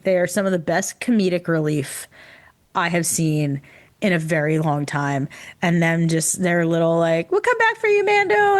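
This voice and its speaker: Woman chatting excitedly, tired, low-ish voice. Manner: excited, laughs often, puts on quick character voices. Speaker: podcast co-host. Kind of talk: casual chat.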